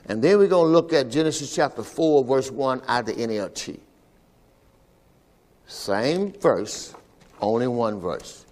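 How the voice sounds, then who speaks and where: A man's voice: mid-range voice, animated, unhurried, pauses often, darkish tone, big-room sound. A man, the pastor, preaching a sermon at a church service and calling for responses from the congregation. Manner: call-and-response preaching, repeating "all right" to the congregation.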